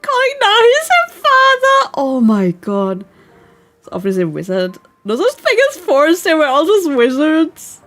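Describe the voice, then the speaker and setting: A young woman on a live stream, laughing in disbelief and talking straight to her chat. Her voice sits fairly high and bounces all over the place. Soft music plays underneath. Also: animated, measured pace. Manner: giggly, incredulous, talks to chat. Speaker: virtual streamer.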